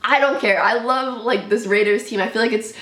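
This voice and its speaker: A woman's voice: on the high side, brisk, a bit bright. A young adult woman giving casual, opinionated sports commentary as a show host, chatty and full of fillers. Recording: roomy echo.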